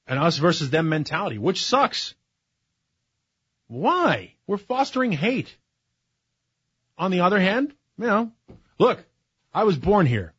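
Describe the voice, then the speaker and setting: A man's voice: medium pitch, slightly rough, dry recording, lo-fi sound. A man in his forties, a talk radio host, speaking in a sarcastic, opinionated monologue that builds to heated emphasis. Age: 40s. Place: radio studio.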